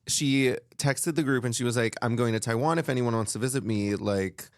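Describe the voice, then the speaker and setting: Bawdy joking guy hosting, gravelly voice, dry sound. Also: mid-range voice, brisk, no echo. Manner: bawdy, joking, says "honey" often. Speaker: podcast host. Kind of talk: casual chat.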